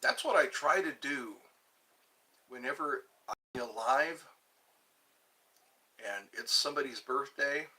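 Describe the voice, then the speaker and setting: A male livestream host eats while he talks, chatting slowly and rambling as he greets viewers and reads out comments. His mid-range voice sounds animated, bright, and forceful, and he often restarts words.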